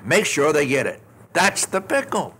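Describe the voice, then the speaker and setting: Lively older man telling bright punchy stories. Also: a little high, normal speed. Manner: animated, punchy storyteller who acts out dialogue. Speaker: customer service speaker. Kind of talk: motivational storytelling talk.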